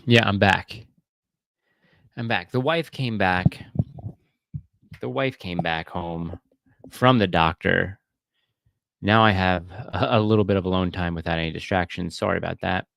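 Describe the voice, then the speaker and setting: Low gravelly man chatting on a livestream. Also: normal speed, pauses often, no echo. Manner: rambling, with many fillers and restarts. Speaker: livestream host. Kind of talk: casual livestream chat.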